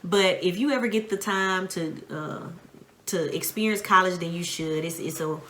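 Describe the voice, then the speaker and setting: A Southern American woman in her thirties talks in a relaxed, thoughtful way. Her voice sits fairly low but sounds bright. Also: normal speed, slight background noise. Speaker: podcast co-host. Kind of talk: casual chat.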